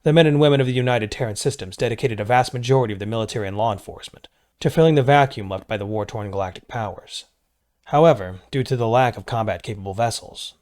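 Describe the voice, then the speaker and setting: A man narrating a military science fiction story in a measured, steady read. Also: on the low side. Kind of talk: scripted sci-fi narration.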